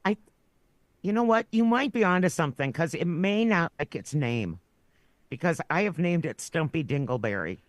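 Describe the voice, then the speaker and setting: A woman's voice: sits low, lively intonation, normal speed, no room sound. A woman guest on a podcast, telling a story in a rambling way and laughing through her words. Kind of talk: casual chat.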